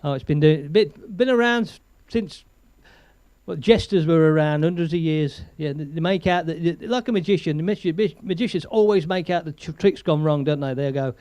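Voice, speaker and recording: An older comedian hosting a live stream, chatting in a rambling way and telling jokes, with frequent chuckles and thanks to viewers. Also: male voice, fairly high pitch, moderate pace, mellow, dry recording. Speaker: comedian host.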